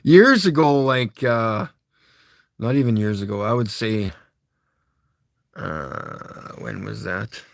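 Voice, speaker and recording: A man's voice: on the low side, animated, slow, vocal fry, long pauses, dry recording, studio quality. A middle-aged man with a Canadian accent, rambling and chuckling as he chats casually with his live-stream viewers. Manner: rambling, chuckling, talks to chat.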